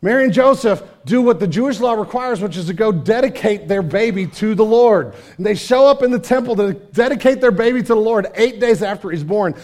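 A man preaching a casual, energetic sermon, full of slang and asides, sometimes dropping to a hushed tone. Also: sits high, fairly quick, hardly any pauses. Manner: drops to hushed intimate tone. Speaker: pastor.

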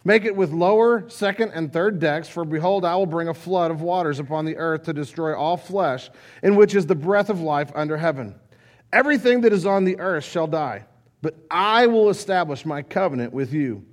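High-voiced man preaching conversationally. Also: normal speed. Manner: conversational, animated, many asides. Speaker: pastor. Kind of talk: sermon, Bible reading and storytelling.

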